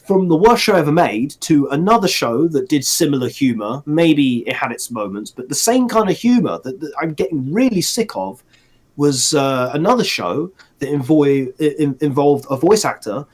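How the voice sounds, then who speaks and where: Podcast co-host, man, slightly high voice, sarcastic ranting casual chat. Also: big pitch swings, moderate pace. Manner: ranting, sarcastic, frequent restarts and laughter.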